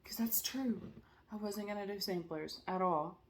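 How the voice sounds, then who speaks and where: A woman's voice: medium pitch, normal speed, background noise. A tired woman chatting casually to camera at home, rambling with lots of fillers and asides. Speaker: cross-stitch vlogger.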